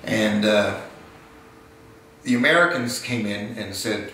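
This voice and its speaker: A man in his sixties telling his late father's wartime story in an unhurried, halting way, often restarting his sentences. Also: lowish voice, a bit bright. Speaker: son of a war veteran, interviewee. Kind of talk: personal recollection, storytelling. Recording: very roomy, distant mic, faint hiss.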